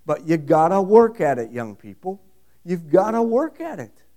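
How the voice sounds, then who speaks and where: A man's voice: high-pitched, very animated, moderate pace, mellow. A middle-aged man preaching a sermon, emphatic and repetitive, asking the congregation questions. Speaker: pastor.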